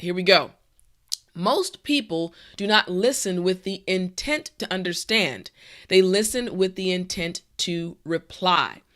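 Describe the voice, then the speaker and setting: Bright-voiced woman English teacher. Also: medium pitch. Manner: encouraging, emphatic, many checking "okay?" and "right?"; confident, animated delivery. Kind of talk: online English lesson.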